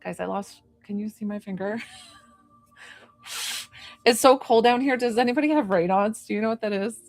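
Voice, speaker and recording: Young female medium, effusive and bubbly live-stream host with a mid-range voice, soft music bed. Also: medium pitch, normal speed. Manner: gushing, bubbly, lots of "like" and excited squeals. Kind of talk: live-stream reading and chat.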